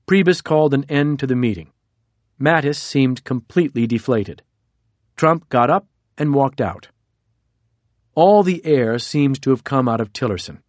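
A man reading a nonfiction audiobook in a measured, even narration. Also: mid-range voice, no room sound. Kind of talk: scripted narration.

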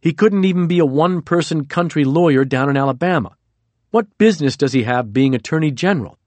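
A man's voice: a little high, lively intonation, a little fast, a little mellow, dry recording, lightly acted. A man reading the lines of an irate older man in power, blunt and contemptuous, in a dry, close recording. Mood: scornful. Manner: contemptuous, insistent.

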